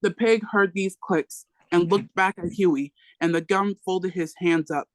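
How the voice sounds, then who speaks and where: A book club reader reading a memoir aloud in a plain, steady way, now and then stopping to correct a word. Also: medium pitch, measured pace, dry recording, rough recording.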